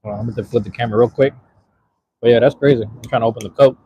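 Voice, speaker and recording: A man's voice: mid-range voice, steady tone, rapid-fire, mellow, highs cut off, slight background noise. A man chatting casually to his live-stream audience while eating, laid-back and slangy, talking to viewers in the chat.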